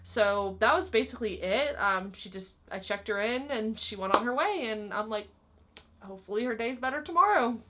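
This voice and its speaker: A woman's voice: medium pitch, moderate pace, few pauses, background noise. A young woman vlogger casually telling stories about her old job, chatty and full of "like" and "um". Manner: chatty, frequent fillers like "like" and "um". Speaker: vlogger recounting work stories. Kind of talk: casual storytelling to camera.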